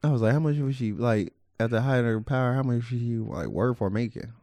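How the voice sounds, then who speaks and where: A man co-hosting a casual podcast, laid-back and reacting with quick quips. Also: warm tone, dry recording. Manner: laid-back, reacts with short quips, jumps in pitch when surprised. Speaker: podcast co-host. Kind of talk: casual chat.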